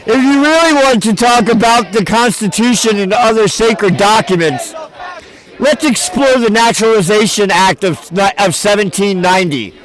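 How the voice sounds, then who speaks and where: Brief: male live-streamer, high voice, slow delivery, sneering running commentary. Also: expressive, some chatter behind. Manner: mocking, laughs often, loud outbursts.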